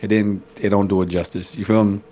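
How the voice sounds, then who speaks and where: A man co-hosting a casual podcast, talking in slangy, profane, animated banter. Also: lowish voice, quick pace, slight background noise. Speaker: podcast co-host. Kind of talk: casual chat.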